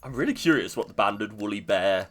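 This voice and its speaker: A man's voice: fairly low pitch, expressive, fairly quick, faint music behind. A man streaming live gameplay, chatting to himself in a self-mocking way and laughing easily. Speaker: video game streamer.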